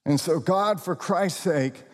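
A man preaching a sermon as pastor, with expressive, deliberate emphasis and occasional laughs. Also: on the high side, big-room sound.

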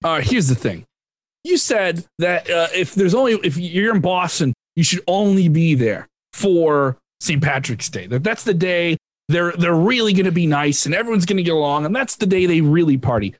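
Animated man arguing a comic case. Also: fairly high pitch, moderate pace, no echo. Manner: animated, rambling, emphatic. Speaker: comedy panelist. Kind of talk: comedic debate argument.

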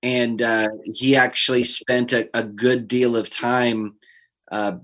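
Male pastor chatting earnest about a psalm, mid pitch, plain everyday voice. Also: flat delivery, slow pace, fairly bright tone. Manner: earnest, personal, with fillers and restarts. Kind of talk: conversational Bible discussion.

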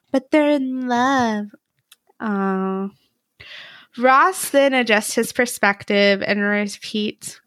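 A woman's voice: mid-range voice, steady tone, slow, fairly bright tone, no echo, studio quality. Chatty young woman hosting a podcast. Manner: upbeat, joking, chatty with frequent "like". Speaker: podcast host. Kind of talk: casual podcast chat.

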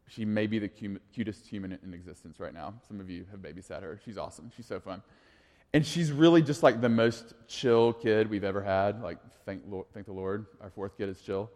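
Casual man preaching in a reverberant hall. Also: on the low side. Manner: casual, conversational, swings from quiet asides to animated storytelling. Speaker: pastor. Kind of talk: sermon. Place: church sanctuary. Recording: long reverb of a large hall.

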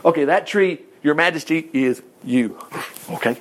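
A male preacher gives a casual, conversational sermon with lots of animated asides. His voice is high and very lively, swinging widely in pitch. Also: normal speed.

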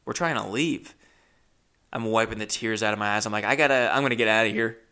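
A young man telling a comic story, animated, swinging from mutters to loud outbursts. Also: lowish voice, racing, clear, resonant tone. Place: Los Angeles area.

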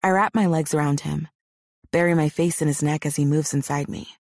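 A woman voicing a young man, a tender and eager lover, with a husky, hushed voice in an audiobook. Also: sits low, fairly even intonation, fairly quick, dry recording, studio quality. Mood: breathless. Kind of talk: audiobook character voice.

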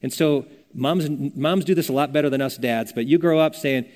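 A man's voice: on the high side, moderate pace, a little mellow. An older man preaching a sermon as a pastor, earnest and conversational, telling stories as he teaches. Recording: long reverb of a church hall.

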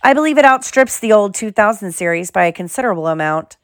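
A woman's voice: medium pitch, expressive, quick pace, dry recording, clean studio sound, lightly acted. A woman voicing a boastful, nasty older schoolboy who leads a sports team, in an audiobook reading.

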